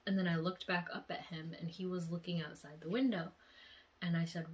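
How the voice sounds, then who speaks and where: A young woman vlogger emotionally retelling a dream in a casual, animated way. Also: on the low side, fairly quick. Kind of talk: casual storytelling.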